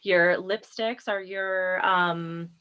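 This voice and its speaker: A woman's voice: on the low side, steady tone, extremely slow, clear, resonant tone, muffled recording. Gushing woman interview host. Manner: effusive, warmly thanks the guest. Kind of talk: casual interview chat.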